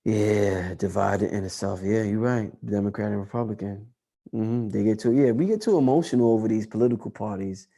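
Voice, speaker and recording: A man hosting a casual livestream chat, talking loosely and profanely, repeating lines for emphasis and rising to excited highs. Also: fairly quick, creaky. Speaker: livestream host answering chat.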